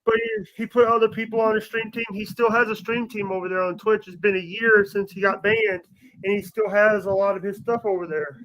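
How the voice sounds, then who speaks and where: A man with a fairly high voice hosts a relaxed stream conversation. He talks in halting bursts and often restarts his sentences partway through. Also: poor audio. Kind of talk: casual chat.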